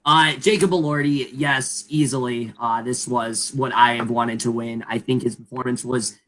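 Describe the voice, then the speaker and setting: A man's voice: mid-range voice, fairly even intonation, moderate pace, a bit bright. A man who is losing his voice giving blunt, profane film opinions as a co-presenter. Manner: opinionated, swearing, rambling reviews. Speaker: award show presenter. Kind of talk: casual comedic awards chat.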